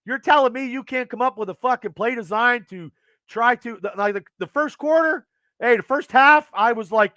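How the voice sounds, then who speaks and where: Male host at home, high sharp voice, cursing fast in angry outbursts, dry close sound. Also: dry recording. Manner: profane, agitated, fast rants. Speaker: podcast host. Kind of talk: angry sports rant to live chat.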